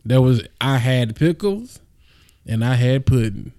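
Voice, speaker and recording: A man's voice: medium pitch, a little slow. A young man, chatting casually as a podcast co-host and acting out his wife's lines as he tells stories. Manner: animated storytelling, acts out his wife's lines. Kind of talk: casual chat.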